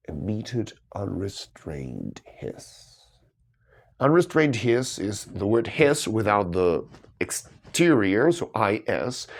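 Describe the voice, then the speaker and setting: A man working through cryptic crossword clues aloud, musing and questioning himself, with sudden bursts of delight. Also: lowish voice. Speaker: crossword solver. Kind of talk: thinking aloud while solving puzzles.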